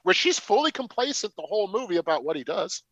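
A podcast co-host in casual chat about a film, animated and mocking. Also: medium pitch, no echo. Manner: animated, quick to mock and do snippets of character voices. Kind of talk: casual movie review chat.

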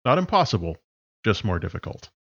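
A low-voiced man runs a tabletop game, explaining rules in a calm, matter-of-fact way. The sound is dry and a bit dull, as on a modest home microphone. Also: a little fast, creaky, breathy edge, no echo. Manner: relaxed, explains rules plainly. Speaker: game master.

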